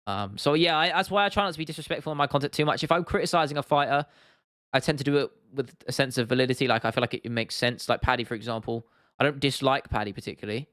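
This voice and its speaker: A man's voice: medium pitch, rapid-fire, a bit bright, dry recording, studio quality. A young man from England hosting a casual livestream, reading out chat comments and rambling with frequent restarts and laughs. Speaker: livestream host.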